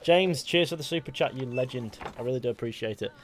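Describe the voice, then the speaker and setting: Brief: young streamer, rambling and excitable, headset mic, faint hiss behind. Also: male voice, mid-range voice, fast talker. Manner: chatty, rambling, self-correcting, excitable. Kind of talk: casual live game stream chat.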